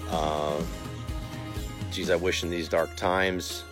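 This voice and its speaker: A man sending a casual, halting birthday video greeting with many pauses and fillers. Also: deep voice, level tone, music in the background. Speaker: friend sending a birthday message.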